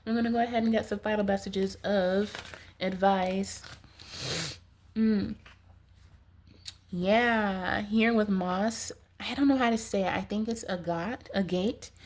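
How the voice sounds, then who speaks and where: A woman's voice: medium pitch, a little mellow. A woman with a stuffy, nasal voice giving a casual tarot reading, rambling with many "like"s. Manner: rambling, heavy use of "like". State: stuffy nose, congested. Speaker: tarot reader.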